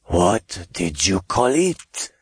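A man's voice: low voice, very animated, extremely slow, slightly rough, dry recording, exaggerated voice. A man doing a courtly French airship pilot. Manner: courtly and polite.

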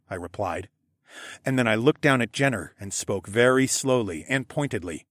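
Husky male audiobook narrator. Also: fairly low pitch, moderate pace, no room sound, clean studio sound. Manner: first-person storytelling, lively.

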